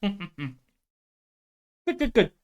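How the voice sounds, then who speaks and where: A woman's voice: mid-range voice, sing-song, extremely slow, a little mellow, highs cut off. A woman streamer from Britain, rambling and poking fun at herself while chatting and reading aloud on a live stream. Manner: self-deprecating, rambling, laughs often.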